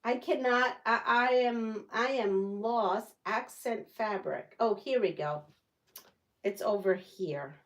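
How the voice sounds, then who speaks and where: Woman host, fairly high voice, easygoing chatty quilter, unhurried delivery. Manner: chatty, laughs often, talks to viewers. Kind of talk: casual live-stream chat while sewing. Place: home quilting room.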